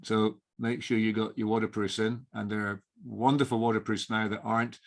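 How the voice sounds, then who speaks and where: Guest: middle-aged man, lowish voice, chatty and rambling. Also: little pitch movement, a little fast, creaky. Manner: rambling, many restarts and fillers. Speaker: inn owner, guest. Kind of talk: casual interview chat.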